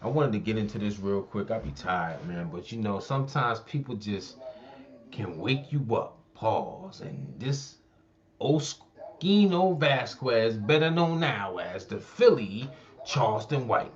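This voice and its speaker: A man's voice: lowish voice, big pitch swings, unhurried, highs cut off. A man hosting a commentary channel, talking bluntly and heatedly about a local rap feud. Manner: blunt, heated street talk. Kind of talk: casual commentary.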